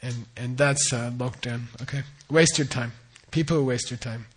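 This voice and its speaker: A man's voice: medium pitch, steady tone, moderate pace, breathy edge. Man explaining Buddhist terms, repeating "okay?". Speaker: Buddhist teacher. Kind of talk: dharma teaching.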